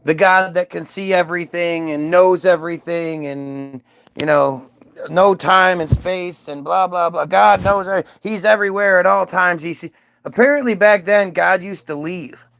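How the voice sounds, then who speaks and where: A man's voice: high-pitched, normal speed, creaky, a bit bright, dry recording. A man delivering a profane comedic rant in a sarcastic, irreverent, rambling way.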